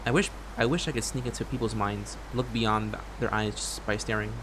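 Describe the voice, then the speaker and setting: Low-voiced man reading game text. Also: fairly even intonation, a little fast, noisy background. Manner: reads on-screen text aloud, stumbling and restarting phrases; drops quiet asides between read lines. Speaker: streamer. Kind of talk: gameplay commentary, reading game text aloud.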